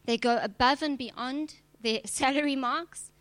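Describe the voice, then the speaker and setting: A woman's voice: high voice, measured pace, a bit bright, dry recording. A woman preacher, giving a direct, emphatic sermon with touches of humor. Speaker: preacher and church leader.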